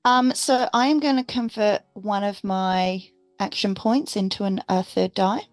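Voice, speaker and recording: A woman's voice: mid-range voice, fairly even intonation, measured pace, no echo. Dry, close Australian woman player. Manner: upbeat, counts dice aloud. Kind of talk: casual tabletop play.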